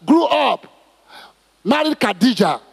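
Male pastor, middle-aged, high husky voice, emphatic sermon, long hall reverb. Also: takes it slowly. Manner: emphatic, repetitive, animated preaching with stammered restarts.

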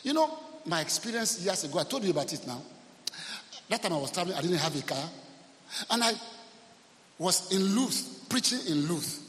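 A man preaching a sermon as pastor, animated, acting out quotes and calling out to the congregation. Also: a little high, brisk. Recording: long hall reverb.

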